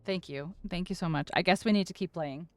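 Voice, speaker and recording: A woman's voice: lowish voice, brisk. A woman streamer in casual live-stream chat, flustered and overwhelmed, gushing thanks to her viewers and tripping over her words, close to tears.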